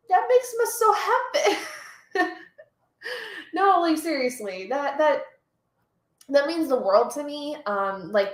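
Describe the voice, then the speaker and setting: A woman's voice: fairly high pitch, a bit bright, echoey room. A woman hosting a reading live stream, chatting casually, reading chat aloud and getting emotional and gushing.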